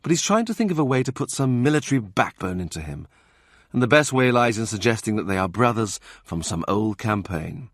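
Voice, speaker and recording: Expressive male audiobook narrator. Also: fairly low pitch, brisk, dry recording, clean studio sound. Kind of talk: scripted narration of a historical novel.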